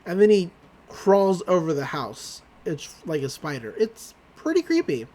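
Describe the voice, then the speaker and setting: In a mid-range voice that runs a little slow, a podcast host casually recaps a cartoon episode. He's animated, laughs often, acts out characters' lines, and tosses in wry asides about the plot.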